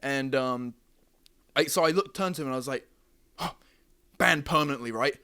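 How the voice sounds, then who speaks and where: A man's voice: mid-range voice, moderate pace, bright, forceful tone, clear, resonant tone. A man hosting a podcast, telling a story in a rambling, repetitive way with frequent laughs. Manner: rambling, repeats words, laughs often. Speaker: podcast host. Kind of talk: casual storytelling chat.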